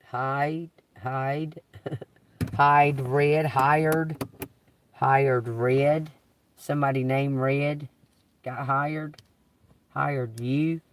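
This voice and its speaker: A man live-streaming a psychic reading from inside a car, talking slowly, spelling out letters and swearing casually. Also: medium pitch, fairly even intonation, far from the mic, a little hiss or hum.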